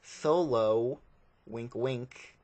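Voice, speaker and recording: A man's voice: mid-range voice, very slow, a little mellow. A man giving a casual, rambling spoken review of a film, often repeating himself.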